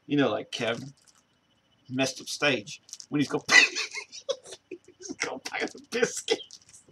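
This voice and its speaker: A man's voice: mid-range voice, huge pitch swings, takes it slowly, heavy background noise. A man hosting a casual chat show, rambling with many restarts and laughing often. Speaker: show host.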